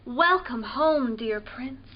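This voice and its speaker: A woman's voice: a little high, animated, slow pace, lo-fi sound. Woman reading as a gracious fairy queen. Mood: welcoming.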